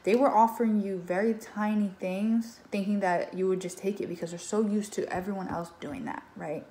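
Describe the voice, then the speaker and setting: A woman's voice: medium pitch, steady tone, normal speed, warm tone. A woman giving a casual tarot reading in a chatty, loose way, swearing now and then and acting out what others think. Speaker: tarot reader. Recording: echoey room.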